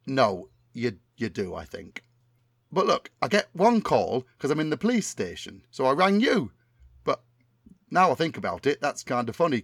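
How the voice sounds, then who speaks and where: A man's voice: mid-range voice, no echo, studio quality. A man doing an impression of a middle-aged northern English entertainer with a Bolton accent, rambling in a chummy, oblivious way.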